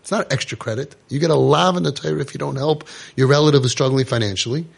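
A man's voice: fairly high pitch, fast talker, creaky, slightly rough. A man giving an impassioned religious lecture to parents, scolding and rhetorical, sprinkling in Hebrew and Yiddish terms.

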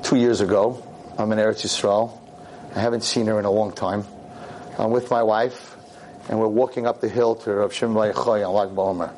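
A man, a rabbi and teacher, giving a convention talk and telling a story in an animated way, acting out the people he quotes. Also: lowish voice, brisk, a little hiss or hum. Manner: animated, acts out quoted voices.

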